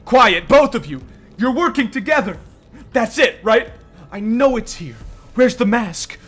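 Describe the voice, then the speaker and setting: A man voicing an unstable, paranoid young woman in a game, shrill and accusing. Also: sing-song, unhurried, a bit bright, faint music behind, heavily acted. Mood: frantic. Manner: frantic, accusing. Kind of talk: reading game dialogue aloud.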